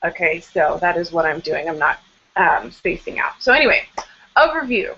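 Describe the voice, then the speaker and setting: A woman's voice: on the low side, sing-song, normal speed, bright, forceful tone, highs cut off, a little hiss or hum. An American woman hosting a live blogging Q&A webinar from home, talking in a chatty, informal, self-deprecating way over a video call. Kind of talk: casual live webinar talk. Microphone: webcam on a video call, later a headset.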